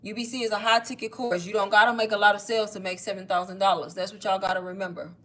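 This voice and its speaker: A young woman talks straight to her livestream viewers in a loose, chatty pitch, calling them "y'all" again and again. She sounds a bit out of breath as she keeps urging people to ask questions in the chat. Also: level tone, fast, fairly bright tone. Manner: chatty, says "y'all" constantly. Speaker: online course seller hosting a livestream. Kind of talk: casual livestream sales pitch.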